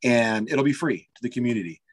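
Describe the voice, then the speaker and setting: A man who runs a pizza shop talks quickly and loosely in an interview. He rambles with eager energy, stacking fillers and restarting his sentences. His voice sits at an ordinary middle pitch for a man. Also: expressive, husky. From United States. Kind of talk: casual interview chat.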